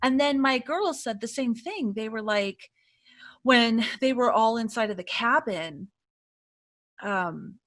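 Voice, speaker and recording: A woman's voice: a little high, takes it slowly. A woman co-hosting a podcast, chatting casually and animatedly as she reviews a film. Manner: chatty, animated retelling with acted-out reactions. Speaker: podcast co-host.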